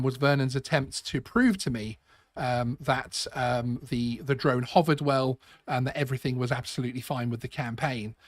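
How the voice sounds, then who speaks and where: A man live-streams from his home studio, speaking casually and sarcastically, stumbling into frequent restarts and repeated words. His mid-range voice has a fairly bright tone, captured as clean studio sound with no room reverb.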